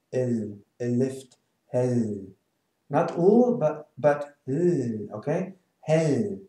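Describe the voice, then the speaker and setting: A man's voice: mid-range voice, mellow, roomy sound, rough recording. A man with a German accent, a native German speaker, teaching an online German lesson and patiently repeating example phrases.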